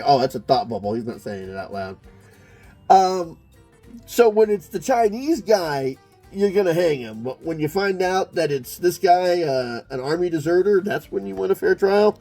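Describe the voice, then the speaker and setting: Male comics reviewer with a mellow, slightly high voice, chatty and joking, faint music underneath. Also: lively intonation, normal speed. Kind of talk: casual commentary while reading a comic.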